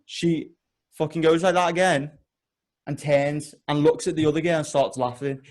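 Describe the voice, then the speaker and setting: A man co-hosting a podcast, telling an animated, sweary story in casual chat. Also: a little high, moderate pace. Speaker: podcast co-host.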